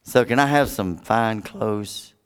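A man's voice: lowish voice, slow, clear, resonant tone, voice pushed down. A man voicing a blind male beggar, pleading earnestly to have his sight restored. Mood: wry pleading.

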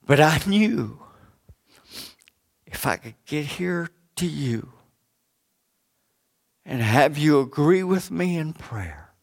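A preacher doing a desperate poor pastor. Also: male voice, a little high, very animated, slow, vocal fry, long pauses, pitched above the performer's own voice, full character voice. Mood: pleading. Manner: pleading, subdued. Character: weary, desperate poor small-town male pastor.

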